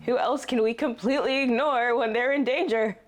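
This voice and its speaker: A young woman hosting a casual reaction video, chatty and quick to laugh, with lots of fillers. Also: on the high side, fairly even intonation, faint music behind.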